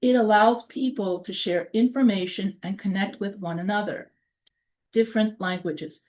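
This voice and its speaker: A woman's voice: medium pitch, moderate pace, a little mellow. New York woman giving a lecture. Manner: explains in short phrases, partly reading from notes. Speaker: college instructor. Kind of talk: recorded online lecture.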